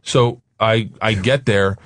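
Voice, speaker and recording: A man casually telling a story on a talk show, swearing freely and shouting out the lines he quotes. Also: on the low side, steady tone, slow, no room sound.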